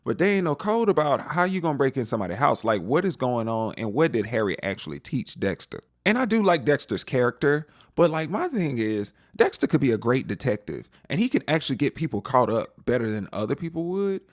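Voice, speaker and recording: Animated man recapping a TV episode. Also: mid-range voice, a little fast, hardly any pauses, no echo, clean studio sound. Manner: animated, slangy, talks straight to the viewer. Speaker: TV show reviewer. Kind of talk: casual spoiler recap.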